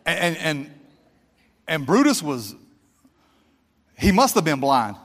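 High-voiced preacher, fervent. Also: male voice, very animated, slow pace, a bit bright, long reverb tail. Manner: fervent, conversational, talks straight to the congregation. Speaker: pastor. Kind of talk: sermon.

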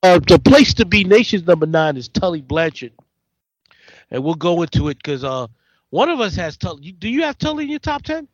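A man hosting a casual chat, excitable, stammering and repeating himself for emphasis. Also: high-pitched, brisk, dry recording. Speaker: podcast host. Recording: dull, dry lo-fi recording.

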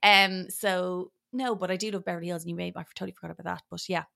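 A woman chatting as a podcast guest, rambling and animated. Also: lowish voice, fast, vocal fry. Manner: rambling, animated, drops into mock voices. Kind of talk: casual chat.

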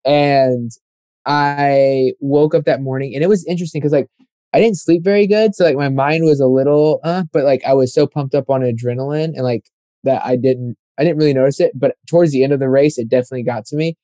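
Chatty young man, dark dry voice. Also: mid-range voice, fairly even intonation, a little fast, no echo. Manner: rambling, filler-heavy, acts out quoted voices. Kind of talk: casual storytelling chat.

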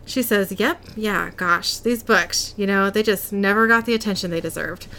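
Woman, podcast co-host, mid-pitched, giggly, retelling scenes. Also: moderate pace, pushed and bright. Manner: giggly, reads out dialogue in narration. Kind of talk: casual episode recap.

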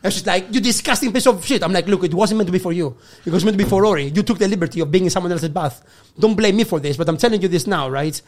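A man with a fairly high voice tells a rowdy anecdote on a comedy podcast. He acts out each person in the story, swears freely and keeps breaking into laughter. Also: racing, few pauses, darkish tone. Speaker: guest comedian. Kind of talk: casual storytelling.

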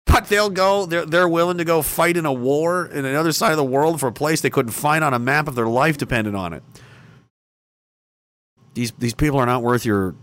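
A man's voice: a little high, moderate pace. A man hosting a livestream, ranting angrily with heavy profanity and mocking sarcasm. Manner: angry, profane and sarcastic, with bursts of mocking shouting. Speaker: livestream host.

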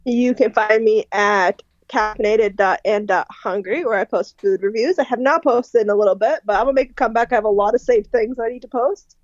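A woman's voice: a little high, fairly quick, few pauses, no echo, highs cut off. A young woman guesting on a podcast, chatty, giggly and self-deprecating. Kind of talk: casual podcast chat.

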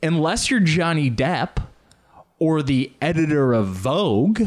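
A man telling casual, rambling stories on his own show, often jumping into loud comic impressions. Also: on the high side, expressive, measured pace. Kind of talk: casual solo storytelling.

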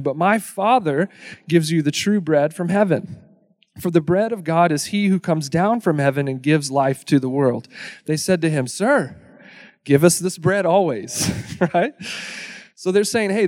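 A man preaching a sermon in a casual, joking way, acting out the crowd's lines in quick asides. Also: on the high side, darkish tone. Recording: long hall reverb.

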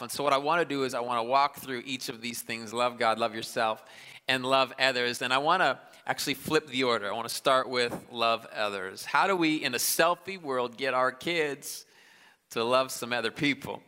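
A man in his thirties preaching a sermon in a large church, conversational and self-deprecating, with quick asides and restarts. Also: medium pitch, bright, forceful tone, clear, resonant tone. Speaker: pastor. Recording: live church hall with long reverb.

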